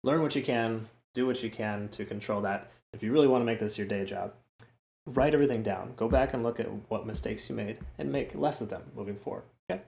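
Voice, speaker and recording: Chatty low-voiced man in an echoey room. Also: brisk, vocal fry, a little mellow. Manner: chatty, repeats words, frequent "okay?" and "right?" asides. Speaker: crypto trading host. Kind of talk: casual chart analysis talk. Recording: roomy echo.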